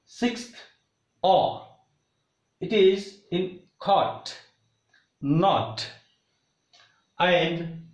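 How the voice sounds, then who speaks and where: A man with an Indian English accent teaching English vowel sounds, deliberately repeating each example word. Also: sits high. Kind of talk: slow explanatory lesson. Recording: roomy, dull lo-fi sound.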